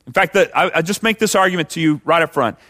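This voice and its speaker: A man's voice: fairly high pitch, quick pace, bright, forceful tone. A man preaching a sermon as pastor, conversational, with many rhetorical questions.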